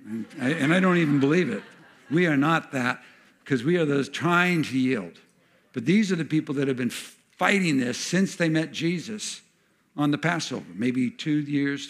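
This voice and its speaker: A man preaching a sermon in an animated way, acting out the voices of the people he quotes. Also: medium pitch, vocal fry, husky. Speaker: pastor.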